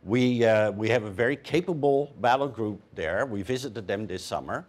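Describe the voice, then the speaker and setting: A man speaking as a panelist, measured and hesitant with frequent fillers. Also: lowish voice. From Canada. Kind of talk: panel discussion answer.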